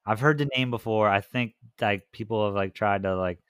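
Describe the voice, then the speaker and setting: A man's voice: fairly low pitch, a little fast, a bit bright, clean tone, no room sound. A young man co-hosting a podcast, telling stories in a laid-back way and often saying "like". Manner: laid-back, storytelling, heavy use of "like". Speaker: podcast co-host. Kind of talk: casual chat. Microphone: studio mic, dry booth.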